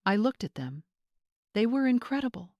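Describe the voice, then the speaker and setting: A woman telling a first-person story in a calm, deliberate scripted narration. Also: fairly high pitch, no room sound, dull audio.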